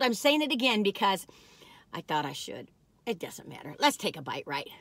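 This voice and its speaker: A woman's voice: mid-range voice, very animated, moderate pace, bright, forceful tone, no echo. A woman vlogger chatting from inside a car, folksy and rambling as she reviews cookies. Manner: folksy and chatty, drifts off topic. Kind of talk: rambling casual chat. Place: parked car.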